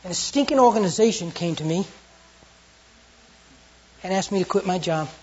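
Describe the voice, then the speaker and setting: A preacher with a Southern US accent tells an earnest sermon story, dropping to a hush and then rising again. The voice is husky and mid-pitched. The recording sounds dull and lo-fi. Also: expressive, normal speed. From Southern United States. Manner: storytelling and earnest, with sudden hushed and loud turns.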